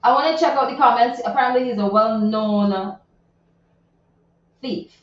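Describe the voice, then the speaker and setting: A female morning radio host, voice a little high and pace moderate, chats indignantly about a viral news story read from social media, full of asides. There's slight background noise, and the studio sound is very echoey, distant and dull.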